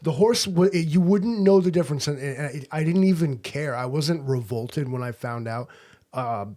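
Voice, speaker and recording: A man's voice: on the high side, normal speed, mellow. An American man co-hosting a podcast, telling a long rambling travel story in casual chat. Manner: rambling storyteller, acts out quotes. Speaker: podcast co-host.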